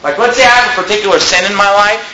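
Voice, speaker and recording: A man preaching a sermon as a pastor, animated and imitating people he describes. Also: sits high, rapid-fire, echoey room, slight background noise, poor audio.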